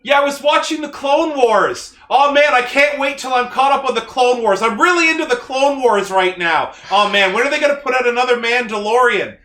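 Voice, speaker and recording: A man doing an impression of an excitable male fan who gushes breathlessly about his favorite shows. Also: very high voice, a little fast, hardly any pauses, pitched above the performer's own voice, heavily acted. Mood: gushing. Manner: breathless, gushing fanboy impression. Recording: roomy echo.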